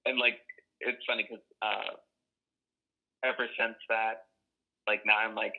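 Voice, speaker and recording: A young man from Boston tells his stories casually, blunt and profane, with plenty of fillers. His voice sits low with a gravelly edge. It comes through a thin, phone-like line. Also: little pitch movement, unhurried, long pauses. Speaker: oral history interviewee. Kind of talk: casual storytelling.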